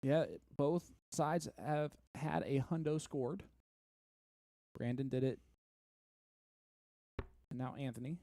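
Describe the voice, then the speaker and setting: A man's voice: mid-range voice, warm tone. A man with a Midwestern American accent doing casual, joking commentary on a darts stream. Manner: quick, chatty and joking.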